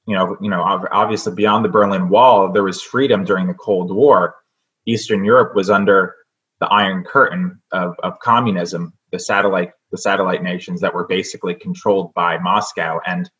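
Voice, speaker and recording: A man talking earnestly as a guest on a radio talk show, measured and full of fillers and restarts. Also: sits low, a bit bright, dull audio. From United States. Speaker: state senate candidate guest.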